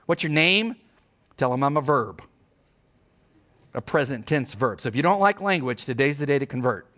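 A middle-aged man preaching a sermon as pastor, emphatic and animated, asking his congregation rhetorical questions. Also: medium pitch, moderate pace.

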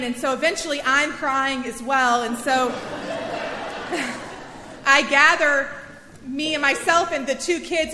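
A woman in her thirties telling a personal story as a sermon, in a chatty, animated storytelling way. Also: high-pitched, a little hiss or hum. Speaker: preacher. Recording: echoey hall with long reverb.

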